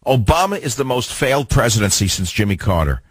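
A man's voice: medium pitch, sing-song, fairly quick, slightly rough, no echo. An older man hosting a talk radio show, delivering an opinionated, combative monologue with rhetorical questions. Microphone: studio mic.

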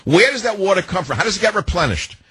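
A man's voice: high-pitched, very animated, fast talker, pushed and bright, breathy edge, dry recording. An older man hosting a talk show, rambling in a sardonic, free-associating monologue. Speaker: radio talk host. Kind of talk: opinionated talk radio monologue.

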